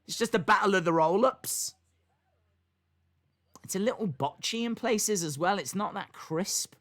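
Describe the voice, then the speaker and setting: A man's voice: high voice, measured pace, a bit bright. A young man hosting a live wrestling watch-along, calling the action and reading chat comments aloud. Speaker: wrestling stream host.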